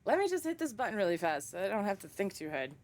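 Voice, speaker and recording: Chatty young woman streamer, lively pitch. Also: fast. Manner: laughs often, swears freely, chatty and rambling. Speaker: game streamer. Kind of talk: casual live-stream chat.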